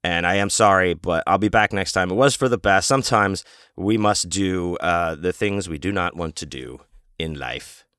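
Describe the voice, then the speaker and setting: A man's voice: sits low, normal speed, fairly bright tone, clear, resonant tone, no room sound, studio quality. A man hosting his own show, telling a rambling story in a casual, profane, self-interrupting way. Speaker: podcast host and author.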